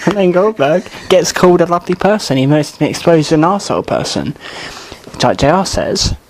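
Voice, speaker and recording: A man's voice: fairly high pitch, very animated, a little fast, slight background noise, poor audio. A man chatting bluntly and sarcastically about wrestling, swearing freely. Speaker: wrestling podcast co-host. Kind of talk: casual chat.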